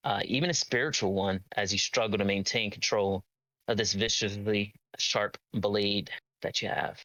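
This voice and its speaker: A man's voice: lowish voice, bright, forceful tone, no room sound, low-quality recording. A man narrating as game master of a tabletop game, hesitant with many ums and uhs.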